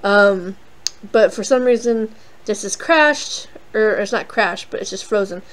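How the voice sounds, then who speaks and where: A woman's voice: medium pitch, measured pace, rough recording. A young woman hosting a casual game playthrough, rambling and self-deprecating with lots of fillers. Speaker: let's play host.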